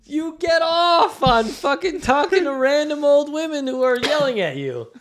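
High, lively man with dry teasing. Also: normal speed, a little hiss or hum. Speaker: podcast co-host. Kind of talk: casual banter.

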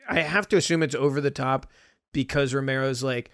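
A man's voice: medium pitch, fairly even intonation, fairly quick, fairly bright tone, clean tone, no echo, clean studio sound. A man in casual podcast chat, laid-back and swearing freely. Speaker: podcast co-host.

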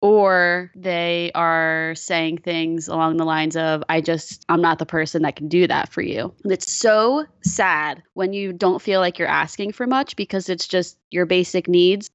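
A woman's voice: fairly low pitch, fairly even intonation, measured pace, hardly any pauses, clean tone, dry recording, dull audio. Candid, profane woman on a podcast. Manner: candid, profane, self-mocking storytelling. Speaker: podcast co-host. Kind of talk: casual chat.

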